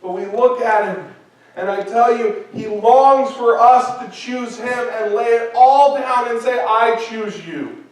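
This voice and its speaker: A man with a high, light voice delivers an earnest sermon, repeating his points and acting out small quoted speeches. He speaks a little slowly in a steady tone, sounding far from the mic in a church sanctuary with strong echo.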